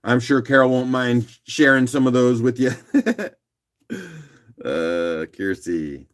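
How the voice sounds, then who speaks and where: Man with a rough morning voice. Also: mid-range voice, takes it slowly. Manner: relaxed, chatty, clears throat often. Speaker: livestream auction host. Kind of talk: casual live auction chat.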